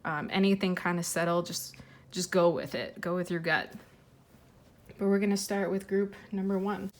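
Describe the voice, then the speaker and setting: A woman giving an intuitive tarot reading, speaking gently and earnestly with frequent fillers and restarts, holding back tears. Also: lowish voice, steady tone, moderate pace. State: tearful, fighting emotion. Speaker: tarot reader.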